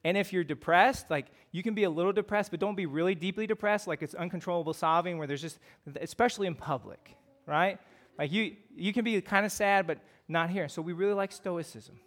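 A man's voice: high voice, brisk, hardly any pauses, fairly bright tone. A man with a Midwestern American accent preaching a sermon in a conversational way, often using fillers and asking rhetorical questions. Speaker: pastor.

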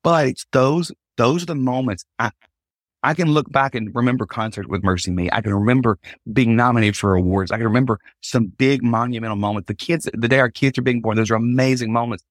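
Guesting on a podcast, a man who sings Christian music recounts something from his own life, performing the voices of the people he quotes with plenty of animation. He talks fairly quickly at a medium pitch, and the sound is dry and of studio quality.

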